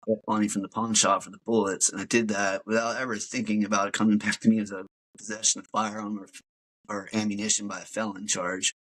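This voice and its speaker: A man's voice: fairly low pitch, level tone, quick pace, a bit bright, low-quality recording. A man, a podcast guest, tells his personal story in a casual, rambling way, full of fillers and calling the host dude. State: emotional.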